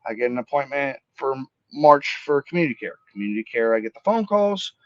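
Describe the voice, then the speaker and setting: A man's voice: mid-range voice, very animated, no room sound, muffled recording. A man in his thirties from Florida, a podcast guest and army veteran, telling his story bluntly and with swearing. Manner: blunt, swearing, fast-building retelling. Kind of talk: emotional storytelling in conversation.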